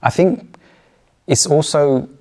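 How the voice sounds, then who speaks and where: A man speaking in a calm, measured way during a reflective spiritual discussion. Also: fairly high pitch.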